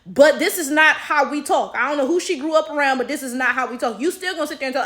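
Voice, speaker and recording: A woman's voice: high voice, quick pace, hardly any pauses, fairly bright tone. A woman with an African American accent giving blunt, exasperated commentary and swearing freely. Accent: African American English. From United States. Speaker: commentary vlogger. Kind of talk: opinion commentary.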